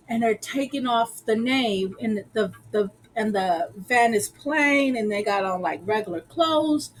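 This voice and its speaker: A woman's voice: a little high, slight background noise, poor audio. A woman casually recapping a show episode, chatty and slangy with lots of fillers.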